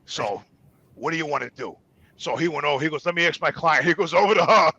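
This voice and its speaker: Gravelly high-voiced man telling a profane story. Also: fast, highs cut off. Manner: profane, animated, acts out quotes. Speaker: guest. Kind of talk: casual storytelling.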